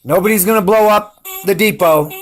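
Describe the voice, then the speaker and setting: A man's voice: high-pitched, normal speed, a little hiss or hum. A man talking straight to his viewers in a rambling, intense and defiant monologue. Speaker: vlogger.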